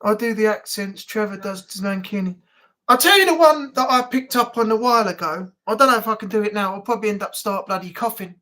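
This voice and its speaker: A woman's voice: medium pitch, brisk, a bit bright. A woman from Manchester with a Mancunian accent, hosting a live stream in a chatty, joking way. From Manchester, England. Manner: chatty, joking, swears casually.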